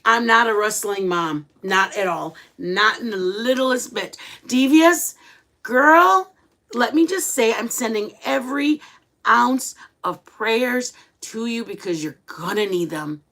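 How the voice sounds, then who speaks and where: A middle-aged woman hosts a livestream, chatting casually with viewers and telling stories in an animated, dramatic way. Her voice is a little high and her pace is slow.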